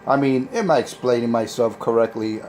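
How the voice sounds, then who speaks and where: A man's voice: mid-range voice, brisk, a little mellow. Boastful man ranting over CB radio. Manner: boastful, repetitive, trash-talking. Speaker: CB radio operator. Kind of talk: CB radio on-air rant. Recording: CB radio transmission with faint noise.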